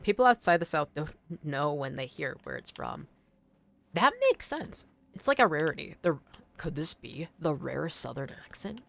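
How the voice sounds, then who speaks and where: A woman's voice: sits low, creaky, fairly bright tone, a little hiss or hum. A young woman streaming a video game, chatting casually, thinking aloud and answering her chat. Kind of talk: casual gameplay commentary.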